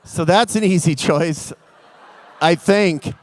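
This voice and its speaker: High-voiced man telling a comic story. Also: slow pace. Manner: animated, comic, acts out the scenes. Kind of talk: live storytelling.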